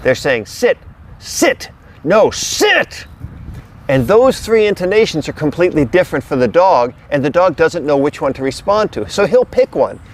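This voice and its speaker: Middle-aged guy, dog trainer, pretty high voice, keeps hammering the same point like a coach, faint traffic hum outside. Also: very animated, brisk, hardly any pauses, darkish tone. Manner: emphatic, repetitive coaching delivery. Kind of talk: casual instructional talk to camera. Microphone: camera held by another person.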